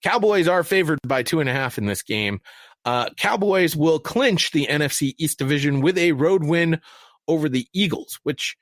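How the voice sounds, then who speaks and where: A man's voice: a little high, normal speed, no echo. A man co-hosting a casual sports podcast, joking around and ranting in mock anger. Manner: lively, joking, mock-angry rants. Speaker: podcast co-host.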